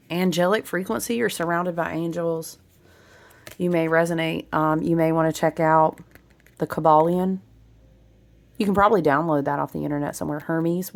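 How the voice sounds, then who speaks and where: A woman's voice: lowish voice, creaky. A woman doing a casual oracle card reading, chatty and laughing often as she reads card text aloud and talks to her viewers. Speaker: spiritual card reader.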